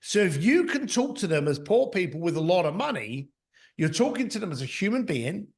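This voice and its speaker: A man's voice: high-pitched, sing-song, a little fast. A middle-aged man, an author and mentor, speaking as a podcast guest. He talks bluntly in anecdotes and acts out what other people said. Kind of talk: conversational storytelling.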